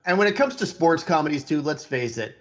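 A man's voice: a little high, lively intonation, brisk, fairly bright tone. A man living in Texas, chatting casually about television, blunt and opinionated, with stammering restarts. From Texas, USA. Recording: dull lo-fi sound.

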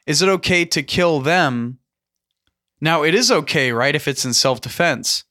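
Earnest halting man, bright voice. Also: fairly high pitch, lively intonation. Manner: earnest, halting, many restarts. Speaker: podcast host. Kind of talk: casual discussion.

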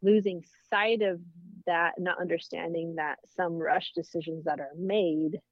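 A woman's voice: lowish voice, steady tone, measured pace, dry recording, muffled recording. A woman in her thirties, a soccer coach, speaking thoughtfully in a casual interview. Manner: thoughtful, conversational.

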